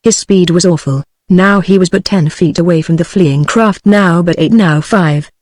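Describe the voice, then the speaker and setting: A text-to-speech woman's voice with a British English accent, reading a novel aloud in an even, measured way. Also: fairly low pitch, no room sound, clean studio sound. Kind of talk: synthetic audiobook narration.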